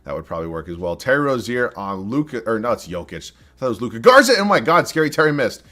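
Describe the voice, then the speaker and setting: Animated young man yelling over gameplay. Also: mid-range voice, fast. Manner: swears often, frustrated outbursts, self-deprecating. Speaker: gaming YouTuber. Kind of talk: live gameplay commentary.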